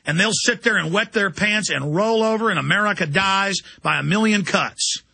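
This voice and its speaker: A man on his own show, ranting with relentless intensity and stumbling over repeated words as he pushes on. His voice is gravelly and strained, with a sharp, tight edge. It sits high for a man. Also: moderate pace. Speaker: radio host. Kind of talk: angry political rant.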